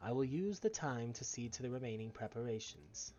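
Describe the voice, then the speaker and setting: Here is a resolute female mage who talks in slow, formal, earnest lines, as a man puts her on. The pitch sits mid-range, and the recording is dull and lo-fi. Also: expressive, dark tone, close to an everyday voice. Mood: resigned. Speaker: streamer reading game dialogue.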